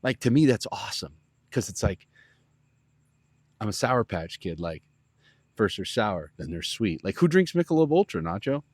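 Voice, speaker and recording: A man with a deep, low voice tells a casual story as a podcast host. He rambles and gets animated, with plenty of "like" and "you know". The sound is dry and close. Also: measured pace, pauses often, breathy edge, no room sound. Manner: rambling, animated, lots of fillers.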